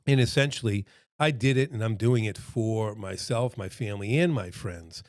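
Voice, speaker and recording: A man's voice: on the low side, normal speed, no room sound, clean studio sound. Chatty, earnest middle-aged man. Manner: chatty and earnest, lots of fillers and acted-out quotes. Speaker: restaurant consultant. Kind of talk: casual presentation to camera. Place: home room with a dog nearby.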